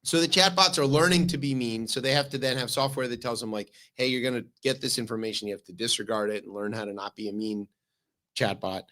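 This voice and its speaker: A man co-hosting a radio talk show, telling news stories in an animated, joking way. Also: mid-range voice, low-quality recording. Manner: animated storytelling, quick asides. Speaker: radio co-host. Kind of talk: casual comedic news chat.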